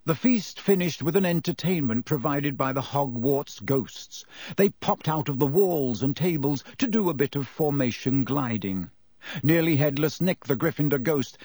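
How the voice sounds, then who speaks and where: A man reads a fantasy story aloud with expressive, storytelling delivery. His voice sits a bit high with lively rises and falls, recorded close and dry. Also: moderate pace, no room sound. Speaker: audiobook narrator. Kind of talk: scripted narration.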